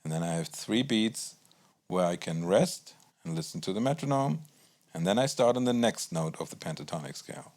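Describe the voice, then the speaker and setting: A man teaching a guitar lesson in a calm, explanatory way, counting beats aloud as he plays. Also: deep voice, normal speed. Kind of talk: instructional music lesson.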